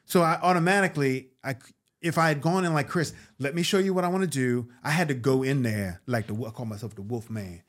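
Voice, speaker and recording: Animated man telling a story. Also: medium pitch, quick pace. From New York. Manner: animated, acts out quoted voices, swears freely. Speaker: guest, actor and comedian. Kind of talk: casual storytelling.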